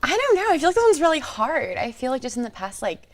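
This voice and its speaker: A woman's voice: sits high, sing-song, quick pace, a crowd in the background. A young woman with an American accent, a student producer who chats casually and fills her sentences with "like". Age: young adult. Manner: rambling with lots of "like". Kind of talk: casual chat.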